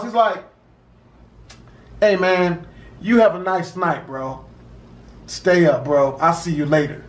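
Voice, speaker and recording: A young man casually telling a story about a friend, with profane street slang and an animated delivery. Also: sits high. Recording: roomy echo.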